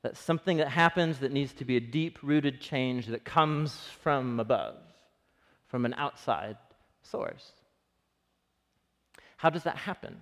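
A pastor with a Texan accent preaching a sermon in a conversational, earnest way that is often broken up by laughs. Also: male voice, medium pitch, measured pace, long pauses, a bit bright. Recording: long hall reverb.

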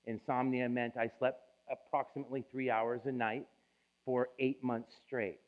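The speaker is a male pastor giving a sermon testimony, opening up emotionally and confessionally about his own life. His mid-range voice stays flat and moves at an ordinary pace, and the audio has a tinny, phone-like quality.

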